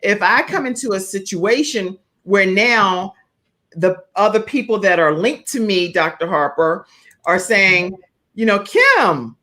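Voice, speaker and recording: Animated woman talk show host. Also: mid-range voice, measured pace. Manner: animated, conversational. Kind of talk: interview conversation.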